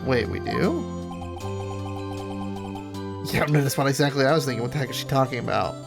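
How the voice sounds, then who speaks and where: A man's voice: medium pitch, fairly quick, vocal fry. A man casually commenting on a game he plays for the first time, joking and reacting aloud, with game music behind. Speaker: game streamer.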